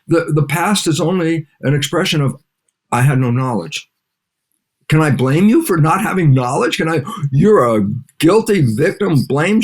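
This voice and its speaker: An older man, a guest scientist in an interview, talking in an animated way and acting out little back-and-forth dialogues. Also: fairly high pitch, husky. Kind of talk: interview conversation.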